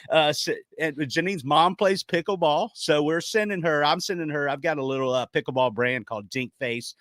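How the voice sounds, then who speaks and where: A man co-hosting a podcast, telling a story in a lively casual way and acting out the people he quotes. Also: fairly high pitch, brisk, hardly any pauses, no room sound. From Jacksonville, Florida. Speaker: podcast co-host.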